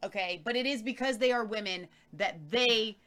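A woman's voice: fairly high pitch, normal speed, a bit bright. A woman co-hosting a news commentary show, talking emphatically and reading viewer comments aloud. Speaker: co-host.

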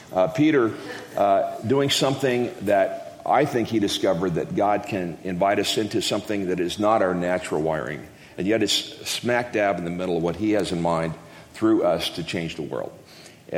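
A guest preacher with a low-pitched voice gives a casual, joking sermon to a congregation in a church hall, rambling and breaking into folksy asides. The recording has a little hiss or hum and the echo of the hall's long reverb.

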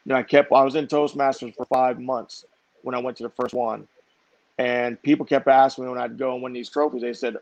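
A man being interviewed as a guest business owner, telling stories in a lively way and repeating words for emphasis. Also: mid-range voice, a little fast, no echo. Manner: animated, repeats himself for emphasis. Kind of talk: conversational storytelling. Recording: dry, slightly dull lo-fi sound.

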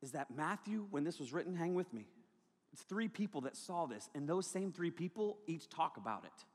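A male pastor preaching a sermon to a congregation in a large hall, joking and animated, breaking into shouts. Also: on the high side, moderate pace, husky. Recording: long hall reverb.

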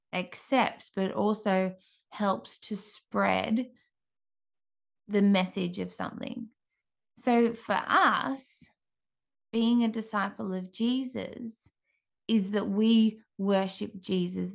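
A woman speaks slowly and earnestly, with a gravelly edge to her voice. She hosts a faith-based talk for mothers and pauses often to restart her thoughts. Her pitch sits in a middle range. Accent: Australian. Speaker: podcast host.

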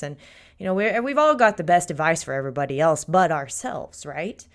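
A woman hosting a talk show, chatting casually and telling a joke with animated energy. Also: on the low side, brisk. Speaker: radio show host.

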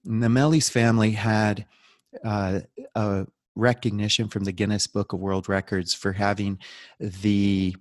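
Dry, clean studio audio captures a man with a fairly low pitch and measured pace. He's a documentary filmmaker guesting on a podcast, telling stories casually while joking, laughing, and acting out quotes with animation.

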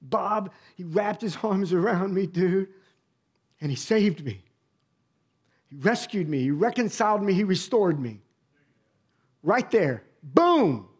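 A middle-aged man, a pastor, preaching a personal testimony in a conversational storytelling way, dropping to a hush and then rising to emphatic bursts. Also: high-pitched, lively intonation, slow pace, pauses often, slightly rough. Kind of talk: sermon testimony.

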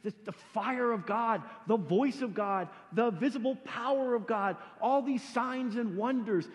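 A male pastor preaching a sermon in a church, animated and joking, often repeating words as he starts sentences. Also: very high-pitched, unhurried. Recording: echoey hall reverb.

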